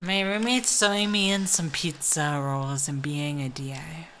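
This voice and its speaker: A woman's voice: sits low, steady tone, unhurried, a bit bright, a little hiss or hum. Tipsy, giggly woman streamer. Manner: giggly, rambling. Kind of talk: casual live-stream chat.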